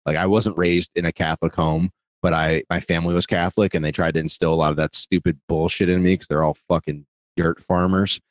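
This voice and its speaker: A man's voice: low voice, fairly even intonation, fairly quick, dry recording. A man talking casually on a podcast, rambling, swearing freely and poking fun at himself. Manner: rambling, profane, self-deprecating. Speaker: podcast guest.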